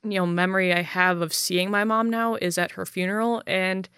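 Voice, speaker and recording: A young woman talking in a casual podcast conversation, halting and full of fillers and restarts, blunt and profane. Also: mid-range voice, level tone, a bit bright, clear, resonant tone, no room sound, studio quality.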